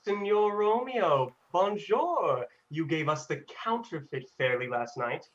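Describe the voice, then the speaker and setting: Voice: medium pitch, animated, slow. A performer playing a mocking, playful young man in a video-call reading, recorded with dull audio. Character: jesting, bawdy young man. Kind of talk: virtual staged reading.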